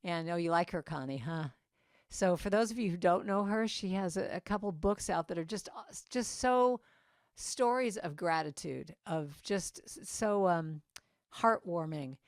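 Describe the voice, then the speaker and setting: Woman guest speaker at a church, loose inspirational talk, low voice, dry sound. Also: normal speed, dry recording. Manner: chatty, meandering, with asides to audience members. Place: church sanctuary.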